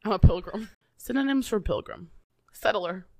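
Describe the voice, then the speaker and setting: A young woman from the Midwest co-hosting a podcast, trading quick jokes and giggling through casual banter. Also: mid-range voice, expressive, creaky, dark tone, dry recording. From American Midwest. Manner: playful, jokey, giggly banter. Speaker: podcast co-host. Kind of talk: casual chat.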